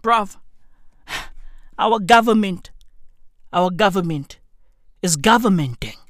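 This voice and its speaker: A young man with a South African accent, delivering a profane comedic rant that swings into frequent shouting and laughter. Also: high-pitched, animated, slow pace, no room sound, clean studio sound. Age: young adult. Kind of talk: ranting comedic monologue.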